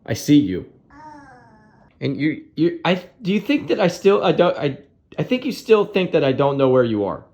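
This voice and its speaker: A man's voice: on the high side, very animated, moderate pace, a little mellow. A father filming a family vlog, talking to his young sons in a playful, affectionate, encouraging way. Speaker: father and vlogger. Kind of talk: casual family vlog chat.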